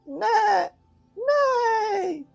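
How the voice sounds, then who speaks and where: A man voicing a small eager kitten who believes she is a unicorn, with squeaky, shrill, excitable cries in a storybook reading. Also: very slow, vocal fry, faint music behind, exaggerated voice. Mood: insistent.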